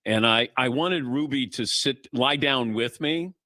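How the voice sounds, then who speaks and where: A man's voice: medium pitch, unhurried, bright, forceful tone, no echo. A middle-aged man hosting a sports talk radio show, chatting casually and telling anecdotes, acting out the voices of people he quotes. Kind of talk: casual on-air chat and storytelling.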